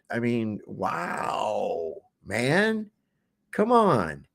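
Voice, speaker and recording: A man's voice: mid-range voice, huge pitch swings, extremely slow, gravelly. A man hosting a casual livestream, talking in a profane, mocking and exasperated way. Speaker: livestream host.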